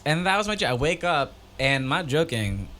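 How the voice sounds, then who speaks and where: A man's voice: on the high side, big pitch swings, a little fast, bright, forceful tone. A man co-hosting a casual podcast, telling a story animatedly and acting out dialogue in a raised voice. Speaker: podcast co-host.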